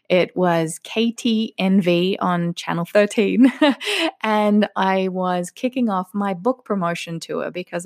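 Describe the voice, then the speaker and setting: A woman's voice: fairly low pitch, a little mellow, dry recording, clean studio sound. A woman in her late thirties from Australia with an Australian accent, telling stories in a casual solo podcast and laughing often. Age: 30s. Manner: chatty, laughs often, acts out quoted voices. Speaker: podcast host.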